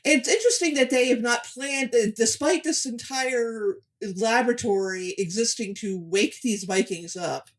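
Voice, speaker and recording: Halting, chatty woman cohosting a podcast. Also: a little high. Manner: halting, with many fillers and restarts. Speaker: podcast co-host. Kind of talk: casual podcast chat.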